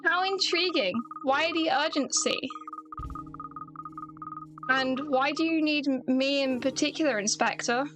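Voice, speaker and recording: A woman's voice: high voice, measured pace, long pauses, over music. A woman doing a chirpy young woman detective. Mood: curious. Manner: chirpy, self-assured.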